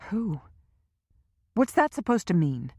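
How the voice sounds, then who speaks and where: A woman's voice: mid-range voice, very animated, takes it slowly, mellow, breathy edge, no room sound, clean studio sound, pitched above the performer's own voice, exaggerated voice. A woman doing a tough, pressing woman. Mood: determined. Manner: direct and pressing. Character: tough determined woman interrogating a captive.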